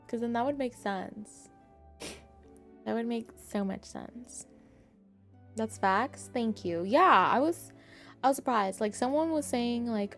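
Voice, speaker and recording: A bubbly young woman chats with her stream in a higher voice, full of "like"s. She acts out quoted voices as she goes. Faint music plays behind her. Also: moderate pace. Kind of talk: casual chat with live chat.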